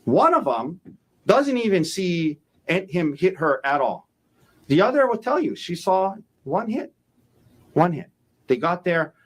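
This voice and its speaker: Defense lawyer guy, opening statement, lively up-and-down voice, kinda high, hammers points home. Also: measured pace, breathy edge. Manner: emphatic, repeats key phrases, acts out quoted speech. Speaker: defense attorney.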